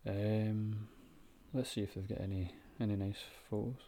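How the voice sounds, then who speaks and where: A man's voice: lowish voice, little pitch movement, moderate pace, dark tone. A Scottish man giving laid-back, sweary reaction commentary with lots of ums and chuckles. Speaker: vlogger.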